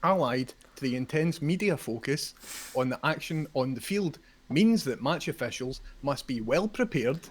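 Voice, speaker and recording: A man playing an officious, easily riled head referee, blustering and reading rules out loud. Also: mid-range voice, expressive, moderate pace, breathy edge.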